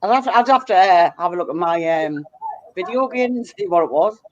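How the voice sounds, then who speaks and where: A woman's voice: fairly low pitch, expressive, a little fast, dry recording, muffled recording. A woman hosting a quiz among friends, reading out questions and answer options. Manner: reads out answer options in a listing rhythm. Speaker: quiz host.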